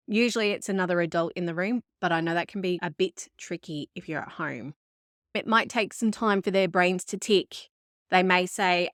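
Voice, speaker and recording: Podcast host, woman, lower register, calm explainer, dry close sound. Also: moderate pace, dry recording. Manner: calm, explanatory, quotes parents and children in the flow. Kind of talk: solo advice talk.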